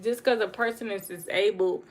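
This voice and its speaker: Fast-talking earnest woman. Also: medium pitch, fairly even intonation, slight background noise. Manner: earnest, direct, repeats for emphasis; fast talker. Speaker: livestream host. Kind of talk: casual livestream monologue.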